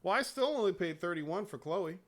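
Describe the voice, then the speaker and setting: A man hosting a casual gaming chat show, talking in a profane, animated way and laughing often. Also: high voice, fairly quick. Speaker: show host.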